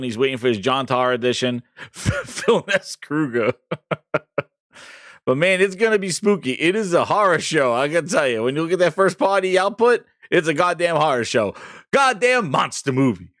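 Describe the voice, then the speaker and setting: A man hosting a casual gaming live stream, boisterous and swearing, reading out shout-outs to chat. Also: mid-range voice, lively intonation, fairly quick, no echo, clean studio sound. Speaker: livestream gaming show host.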